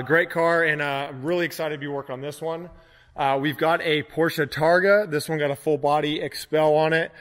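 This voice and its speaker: A man giving a casual walk-through of his car protection shop, relaxed and chatty with lots of "uh" fillers. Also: on the high side, big-room sound. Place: large car workshop.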